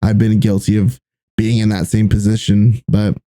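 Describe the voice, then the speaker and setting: A man's voice: fairly low pitch, little pitch movement, moderate pace, dark tone, no echo. A young man co-hosting a podcast, chatting candidly and rambling with fillers and restarts. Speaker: podcast co-host. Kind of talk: casual podcast chat.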